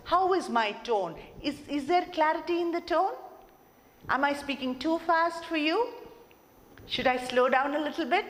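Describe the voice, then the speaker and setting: A woman lecturing college students on speaking skills, her fairly high voice rising and falling a lot. She keeps asking the class questions and acts out different tones to show her point. The sound carries a long hall reverb. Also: a little hiss or hum. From India. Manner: lively, asks the class questions and demonstrates tone changes. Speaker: communication skills trainer.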